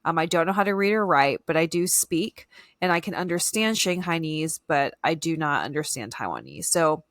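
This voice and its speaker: A woman's voice: low voice, lively intonation, normal speed, fairly bright tone, no echo, studio quality. A young woman co-hosting a podcast, talking in a chatty, bubbly way with lots of "like". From United States. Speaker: podcast co-host. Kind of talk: casual chat.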